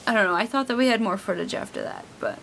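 A woman's voice: medium pitch, very animated, fast, gravelly, fairly bright tone, slight background noise, poor audio. A young woman talking casually to her camera, rambling with lots of fillers. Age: young adult. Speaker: vlogger. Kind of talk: casual vlog chat.

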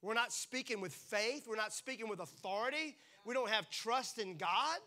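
A man preaching a sermon to a congregation, playful and animated, acting out quick little voices as he talks. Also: high voice. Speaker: pastor. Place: church.

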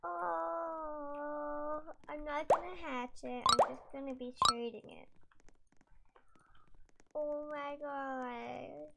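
Gushing young woman with gravelly fry. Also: high-pitched, fairly even intonation, slow, noisy background. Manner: gushing, squealing exclamations. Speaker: gaming vlogger. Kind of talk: excited gameplay commentary.

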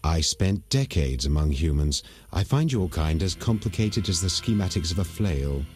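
A calm, wise elven druid in a video game. His voice is low, with a lively, rolling lilt. He speaks with measured courtesy, and faint music sits behind him.

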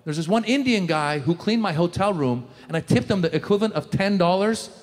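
A man's voice: high voice, fairly quick, in a large hall. A man doing a stand-up comedy routine on a theater stage, bantering with the audience and acting out scenes. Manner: animated, jokey, audience banter, acts out scenes.

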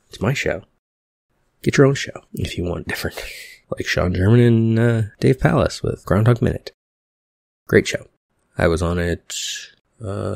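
A man's voice: sits low, vocal fry, darkish tone, dry recording, clean studio sound. A male podcast host giving casual, wry commentary on a screenplay, with rambling asides.

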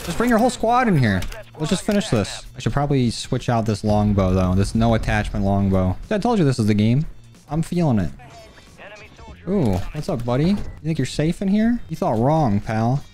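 A man's voice: medium pitch, moderate pace. A man giving casual, cocky commentary on his own gameplay as a gaming YouTuber, with faint music and game gunfire behind him. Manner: animated, cocky trash talk.

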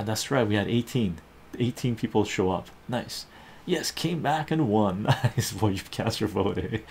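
A man's voice: fairly low pitch, creaky, darkish tone, a little hiss or hum. A man hosting a casual live stream, chatting with his viewers, laughing often and reading their comments aloud.

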